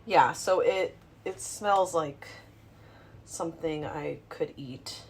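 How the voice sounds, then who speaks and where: A woman talks to her camera in a small apartment kitchen, relaxed and rambling as she cooks. Her voice sits somewhat low, and she takes her time. A faint background hum stays behind her. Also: slow pace. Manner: relaxed, rambling, thinks aloud. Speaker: vlogger cooking at home. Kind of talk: casual talking-to-camera chat while cooking.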